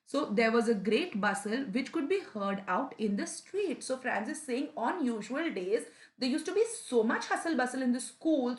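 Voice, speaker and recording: A woman's voice: high-pitched, echoey room. A young woman teacher, explaining a story chapter to students in a conversational way, often repeating herself and saying "you know.". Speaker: English teacher.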